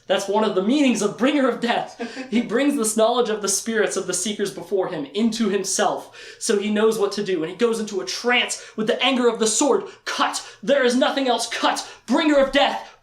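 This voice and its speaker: Chatty high-voiced man lecturing. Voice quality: chatty, joking, laughs often and leans on "like". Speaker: presenter recapping a book series. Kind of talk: casual lecture. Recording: echoey room.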